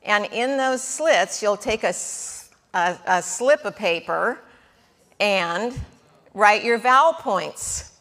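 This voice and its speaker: A woman teaching a class at a board, slow and patient, coaxing her students with questions. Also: fairly high pitch, sharp tone. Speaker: Hebrew teacher. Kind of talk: classroom lesson at a whiteboard.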